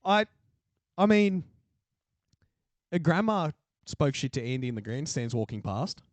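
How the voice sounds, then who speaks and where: A man's voice: on the high side, big pitch swings, measured pace, no room sound. A young Australian man hosting a casual podcast chat, telling stories with laughs and swearing. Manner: joking storytelling, swearing and laughing. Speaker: podcast host. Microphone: studio mic.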